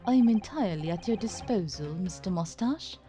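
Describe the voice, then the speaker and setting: Woman doing a breezy, polite gentleman detective. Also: fairly low pitch, lively intonation, normal speed, soft background music, natural voice.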